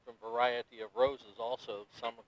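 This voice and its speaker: A man's voice: mid-range voice, level tone, moderate pace, low-quality recording. Matter-of-fact man giving his opinion. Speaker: partner helping on camera. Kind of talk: casual explaining.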